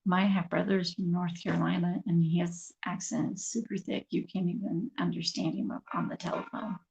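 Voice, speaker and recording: A woman's voice: on the low side, flat delivery, moderate pace, gravelly, a little mellow, highs cut off. A woman vlogging casually to her viewers, chatty and rambling, laughing as she talks. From Kansas City area. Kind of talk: casual chat to camera.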